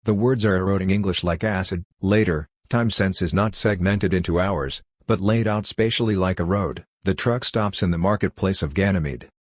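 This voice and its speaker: A man reading a novel aloud at an even, measured pace. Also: low-pitched, no room sound, clean studio sound. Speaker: narrator. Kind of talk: audiobook reading.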